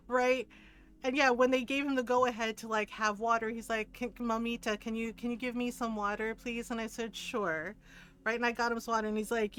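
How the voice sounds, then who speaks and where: A middle-aged woman streamer chats casually with her viewers. Her voice sits a little high. She tells stories animatedly, acting out what others said and laughing often. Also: fairly bright tone, clean tone.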